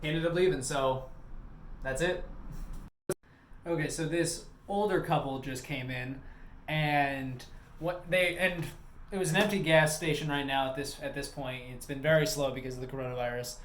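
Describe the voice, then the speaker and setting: A man's voice: on the high side, steady tone, moderate pace, fairly bright tone, echoey room, a little hiss or hum. A man working as a gas station attendant, talking casually in a vlog, rambling with lots of "like" and swearing freely.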